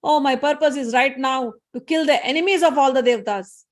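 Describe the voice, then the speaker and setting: A woman voicing a proud warrior goddess who makes slow, emphatic declarations of her own power. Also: sits high, close to an everyday voice.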